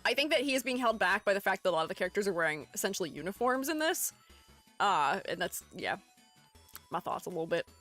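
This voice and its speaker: A woman's voice: mid-range voice, sing-song, fast, a bit bright, soft background music. A woman streamer chatting casually while critiquing art, rambling and giggling at herself. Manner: rambling, giggly, self-deprecating. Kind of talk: casual live-stream chat.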